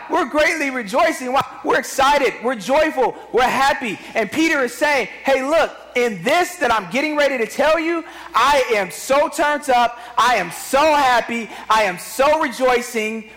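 Male pastor, 30s, high voice, lively call-and-response sermon. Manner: animated, repetitive, call-and-response preaching. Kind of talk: energetic sermon.

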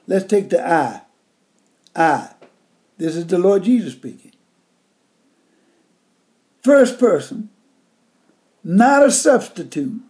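A man near eighty, preaching a folksy, emphatic sermon that swings between loud and hushed. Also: high-pitched, expressive, takes it slowly, long pauses. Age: older.

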